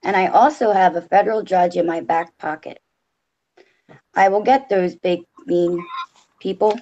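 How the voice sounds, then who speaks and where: A woman reading a story aloud, voicing a smug, boastful Southern gentleman who claims to be a double agent. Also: on the low side, steady tone, a little slow, dull audio.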